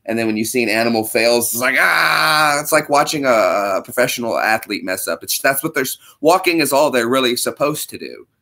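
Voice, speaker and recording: A man's voice: mid-range voice, expressive, brisk, hardly any pauses, a bit bright. A man hosting a livestream, rambling through jokes that amuse himself in casual chat. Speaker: livestream host. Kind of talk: casual joking stream chat.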